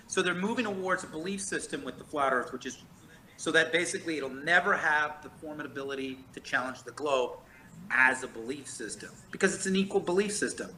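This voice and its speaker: Brief: male talker, high-ish bright voice, profane and emphatic, rambling monologue. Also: a little hiss or hum, rough recording. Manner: profane, emphatic, fast storytelling. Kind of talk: casual chat, rambling monologue.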